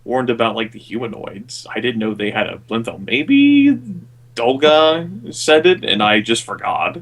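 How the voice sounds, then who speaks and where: A man's voice: mid-range voice, big pitch swings, a little slow, fairly bright tone. Rambling man talking over a tabletop game. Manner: rambling, full of filler words and swearing. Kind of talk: casual out-of-character table talk.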